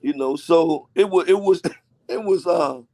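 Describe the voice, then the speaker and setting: Man, high voice, from Ohio, lively storyteller, interview guest, acts out his own quotes. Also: a little slow.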